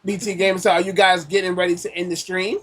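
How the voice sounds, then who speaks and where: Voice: mid-range voice, level tone, fast talker, a bit bright, husky. A podcast co-host joking around in casual chat. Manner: joking, playful.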